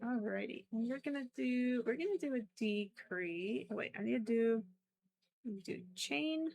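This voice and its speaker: A woman's voice: on the high side, expressive, unhurried, creaky, a little mellow. A young woman chatting casually with her stream while crocheting, giggly and given to frequent exclamations.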